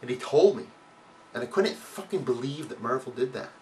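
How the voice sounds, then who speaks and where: A man hosting his own vlog, answering viewer questions in a casual, heavily profane rant that bursts into loud, mocking outcries. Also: expressive, moderate pace, distant mic, slight background noise. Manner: swears a lot, mocks with loud high outbursts.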